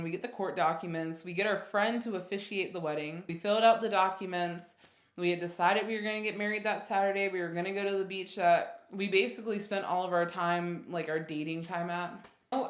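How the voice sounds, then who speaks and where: A woman in her twenties telling a personal story casually, jumping high in pitch for quoted reactions. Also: roomy sound. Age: 20s. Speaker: vlogger.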